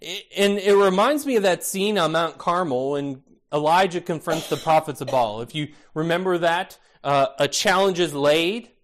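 A man preaching a sermon, expressive, asking rhetorical questions and acting out the voices he quotes. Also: a little high, moderate pace, few pauses. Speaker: pastor.

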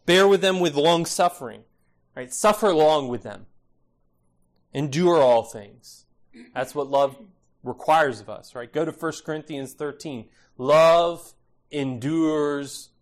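A male pastor preaching an expository sermon, emphatic and repetitive, often adding "right?". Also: on the high side.

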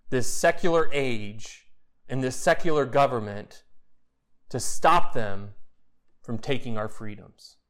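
A man's voice: mid-range voice, a bit bright. A man preaching a sermon as pastor, building to emphatic peaks and asking repeated questions.

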